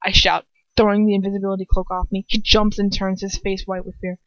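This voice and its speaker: A woman's voice: medium pitch, level tone, quick pace, fairly bright tone, no echo. A woman reading a first-person fan fiction story aloud, emotive and casual, with chatty asides. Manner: emotive, breaks off into giggly asides. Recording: dull, dry lo-fi recording.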